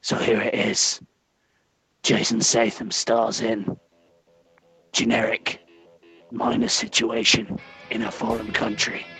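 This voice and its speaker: A man putting on a deadpan impression of a gruff male action star with an English accent, low and flat. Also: slow, pauses often, faint music behind, full character voice.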